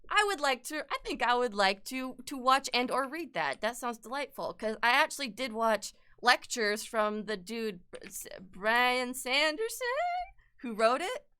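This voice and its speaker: A young woman chatting casually on a livestream while she sketches, swearing freely with sudden bursts of excitement. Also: fairly high pitch, unhurried, smooth. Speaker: streamer and artist.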